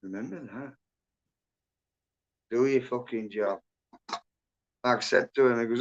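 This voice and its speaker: A man's voice: mid-range voice, measured pace, long pauses. A man hosting a casual livestream chat, rambling and blunt, swearing a lot and calling people mate and bro. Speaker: livestream host. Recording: dull lo-fi stream audio.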